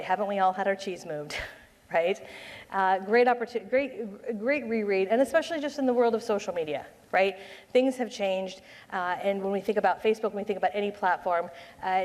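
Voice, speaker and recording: A woman's voice: mid-range voice, a little mellow, long reverb tail. A woman giving a live conference presentation in an upbeat, chatty way, often checking in with the room. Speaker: conference speaker on social media marketing.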